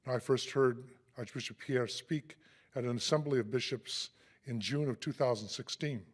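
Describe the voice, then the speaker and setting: A man with a mid-range voice reads out a formal introduction of a guest speaker. His delivery is measured and steady, and it carries a dry humorous touch. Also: mid-range voice, breathy edge.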